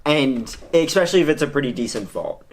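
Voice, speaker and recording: A man's voice: on the high side, very animated, a little fast. A man co-hosting a casual podcast, joking and easygoing. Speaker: podcast co-host.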